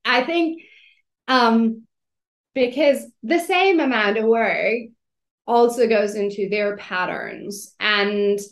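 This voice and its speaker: A woman's voice: a little high, slow pace. A woman guest on a podcast interview, speaking hesitantly and often repeating words while she searches for them. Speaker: magazine owner, guest. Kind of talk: casual interview chat.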